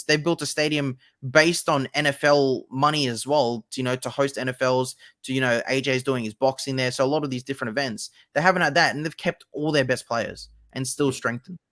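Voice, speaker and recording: A young male host chats casually about football with passion, swearing freely. His voice is at an ordinary middle pitch with a fairly bright tone, and the recording is dry and close, without echo or room sound.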